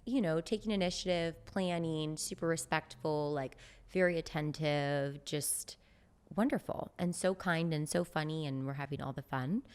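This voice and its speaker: With a deep, smooth, darkish voice at normal speed, this podcast guest chattily recounts a personal story, dropping "like" often and performing the quoted lines of dialogue.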